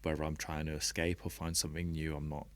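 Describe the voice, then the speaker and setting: A man with a very deep, low voice speaks as a podcast guest. His talk is candid and reflective, and soft laughs break into it now and then. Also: flat delivery, fast, no echo. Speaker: podcast guest, rugby player.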